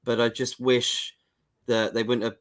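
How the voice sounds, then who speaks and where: A man's voice: medium pitch, flat delivery, a little slow, a bit bright. A man hosting a casual football podcast, speaking in a hesitant, stumbling, agreeable way. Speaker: host.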